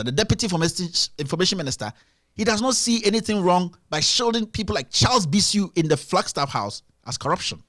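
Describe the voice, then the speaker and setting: A man's voice: high voice, fairly bright tone, no echo, studio quality. A man hosting a live-stream show, giving emphatic, repetitive political commentary.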